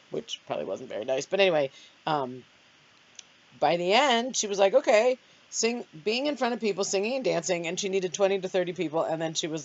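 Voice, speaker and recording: A middle-aged woman hosting her own vlog, chatting casually and rambling in a self-deprecating way. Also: lowish voice. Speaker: vlogger host. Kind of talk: casual chat. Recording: dull lo-fi sound.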